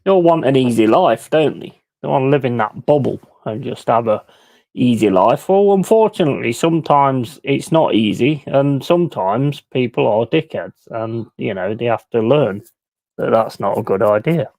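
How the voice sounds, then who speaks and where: Bloke, middle-aged, blunt swearing ranter, mid-pitched, close dry mic. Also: male voice, animated, moderate pace, creaky, a little mellow, dry recording. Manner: blunt, ranting, swears freely; mimics other people in quoted voices. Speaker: livestream host. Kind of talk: casual live-stream chat.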